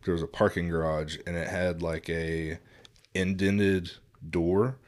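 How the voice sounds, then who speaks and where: A young man co-hosting a podcast, rambling through stories in relaxed casual chat. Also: sits low, a little slow.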